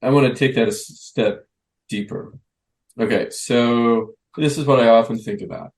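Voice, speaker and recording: A man's voice: mid-range voice, moderate pace, poor audio. A man hosting a youth basketball coaching podcast, thinking aloud with many restarts and fillers. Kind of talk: conversational podcast interview.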